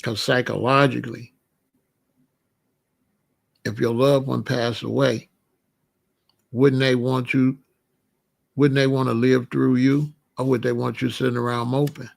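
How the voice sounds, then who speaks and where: A middle-aged man talking casually and giving life advice, animated and conversational, with frequent restarts. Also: medium pitch, unhurried, gravelly, long pauses. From Chicago area. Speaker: vegan lifestyle host.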